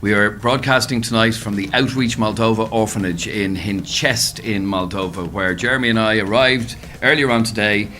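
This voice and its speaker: A radio host with a low but bright, forceful voice runs the show briskly. He jokes and deflects, pushing the talk on to the next thing. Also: fairly even intonation. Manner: brisk, deflecting with jokey urgency. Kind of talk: radio phone show hosting.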